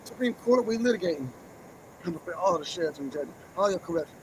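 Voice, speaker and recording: Man, high voice, rapid-fire, agitated freestyle rant, profane, faint noise behind. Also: lively intonation. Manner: agitated, profane, defiant, half-rapped rambling. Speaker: livestreamer. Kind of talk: freestyle rap and rant on a livestream.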